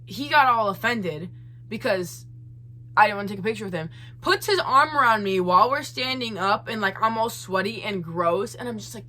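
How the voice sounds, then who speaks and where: Bright-voiced young woman telling a storytime. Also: mid-range voice, normal speed, slight background noise. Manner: animated, exasperated, lots of asides. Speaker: vlogger. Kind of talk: casual storytime vlog.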